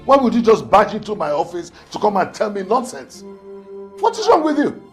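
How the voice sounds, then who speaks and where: A man's voice: high voice, wildly swooping pitch, fairly quick. An actor with a Nigerian accent playing an arrogant, dismissive king who talks curtly and with scorn. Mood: angry. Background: faint music.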